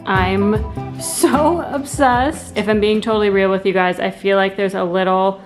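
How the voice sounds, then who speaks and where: American woman, decor vlogger, mid-pitched, gushing and chatty, roomy echo. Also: fairly even intonation, unhurried, faint music behind. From United States. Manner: bubbly, gushing, lots of "like" fillers. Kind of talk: casual chatty vlog narration. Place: at home, indoors.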